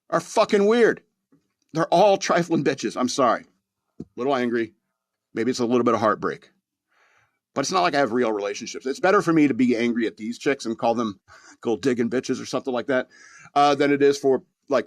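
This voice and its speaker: A man's voice: mid-range voice, no echo, studio quality. A man hosting a podcast, rambling through a crude, mock-angry comedic rant and laughing at his own jokes. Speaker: podcast host.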